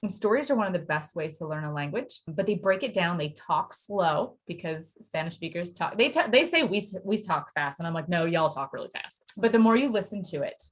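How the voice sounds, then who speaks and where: A woman from Pennsylvania, a Spanish teacher, chatting as a podcast guest and telling lively stories with quoted voices. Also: on the low side, a little fast, hardly any pauses. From Pennsylvania, USA. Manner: animated storytelling with acted quotes and laughter. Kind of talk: casual interview chat.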